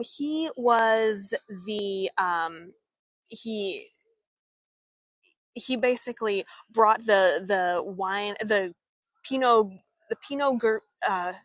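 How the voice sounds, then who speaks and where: A young woman guiding a live walking tour outdoors, talking into a handheld phone, chatty and halting, with many fillers and restarts. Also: fairly high pitch, fairly bright tone, dry recording. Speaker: travel vlogger and tour guide. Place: outdoors in an old town street.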